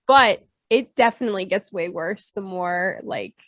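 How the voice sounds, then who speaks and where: A woman's voice: mid-range voice, normal speed, a bit bright, no echo. A woman from the Sioux Falls area co-hosting a podcast, rambling in casual chat with many "like"s. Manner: rambling, lots of likes. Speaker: co-host.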